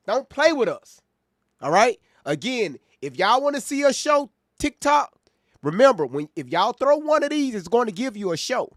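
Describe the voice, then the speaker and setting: A man hosting a live stream, reacting to clips with loud, profane commentary that swings between shouted asides and low, disbelieving mutters. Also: no echo, studio quality.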